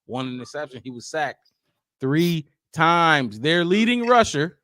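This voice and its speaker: A man hosting a casual sports podcast, his voice bouncing up and down with a lively, animated swing. He talks in a slightly higher register and quick asides. The recording is dry and close, with no room sound. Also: dry recording. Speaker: podcast host.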